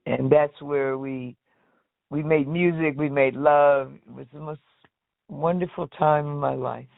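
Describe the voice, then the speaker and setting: A woman tells her story in a lively, chatty way, slipping into the voices of the people she quotes. The sound is thin and phone-like. It is also dry, with no room around her. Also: deep voice, measured pace, gravelly, no echo. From United States. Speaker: guest, singer. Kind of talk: casual storytelling interview. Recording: tinny phone-like line, dry.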